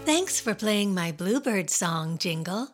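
A woman hosting a children's radio show, talking playfully and singing slowly to small kids. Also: medium pitch, faint music behind. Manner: slow, sing-song, animated talk to kids.

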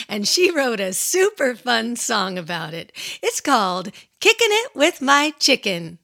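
A woman's voice: a little high, a bit bright. A woman hosting a children's radio show, cheerful and asking her young listeners questions. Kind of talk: upbeat kids' radio hosting.

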